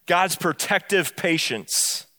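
Pastor, male, high voice, emphatic sermon delivery with hushed drops and quick storytelling runs. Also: animated, in a large hall. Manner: emphatic preaching, dropping soft and low on key phrases; bursts of quick storytelling between slow, stressed lines. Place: church.

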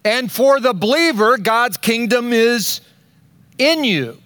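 Older guy preaching real slow, highish voice, dry close sound. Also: lively intonation, fairly bright tone, no echo. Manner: slow emphatic preaching with dramatic pauses. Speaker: pastor. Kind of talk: sermon.

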